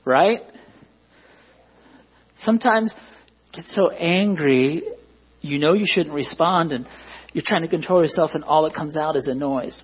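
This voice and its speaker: A pastor with a slightly high, husky voice preaches at a moderate pace in church, heard through muffled audio. His sermon feels like conversation, self-deprecating, with frequent appeals for the congregation's agreement.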